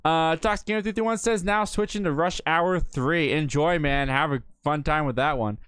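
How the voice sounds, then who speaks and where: A young man hosts a casual live movie chat, reading out viewer messages and answering them in an upbeat, talkative way. His voice sits a little high and sounds smooth and resonant. The recording is dry, with almost no room sound. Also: normal speed, a bit bright, no echo. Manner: chatty, upbeat, reads out comments then reacts. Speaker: host of a live movie talk show.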